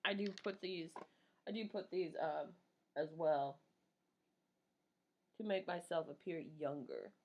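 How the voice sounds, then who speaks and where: A woman's voice: on the low side, measured pace, long pauses, lo-fi sound. A woman in her thirties vlogging casually while doing her makeup, rambling, swearing and poking fun at herself. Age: 30s. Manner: rambling, profane and self-mocking.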